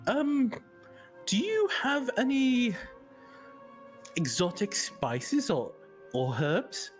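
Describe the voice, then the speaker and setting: Player in a tabletop game, slow and halting, lots of ums, pitch swinging around. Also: sing-song, soft background music. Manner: hesitant, many "um"s. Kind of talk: in-character tabletop play.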